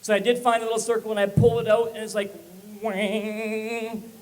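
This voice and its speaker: A man in his forties from Saskatchewan, Canada, doing energetic live stand-up comedy on a club stage and working up the crowd. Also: sits high, very fast, poor audio.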